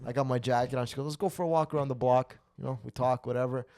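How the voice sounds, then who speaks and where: A man's voice: mid-range voice, steady tone, quick pace, a little mellow. A man co-hosting a podcast, telling a profane, rambling, self-mocking story in casual chat. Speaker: podcast co-host.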